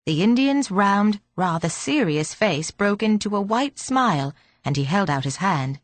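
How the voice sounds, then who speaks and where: A woman narrating an audiobook in a steady, measured reading. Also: medium pitch, dry recording. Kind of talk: scripted narration.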